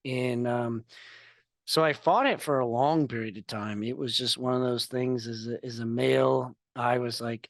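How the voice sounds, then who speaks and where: An earnest man talks candidly as a podcast guest, telling his own story in a confessional way. His voice sits at an everyday middle pitch. The sound is dry and close, with no room around it. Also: fairly even intonation, moderate pace, no room sound. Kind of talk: candid interview talk. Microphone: video call.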